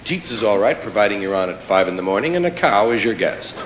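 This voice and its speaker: Male stand-up comic, lively swooping delivery, roomy live hall with audience roar and noise. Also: on the low side, quick pace. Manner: animated, mock-incredulous, playful emphasis. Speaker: stand-up comedian. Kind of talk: stand-up comedy routine. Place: live stage before an audience. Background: audience laughter and crowd noise.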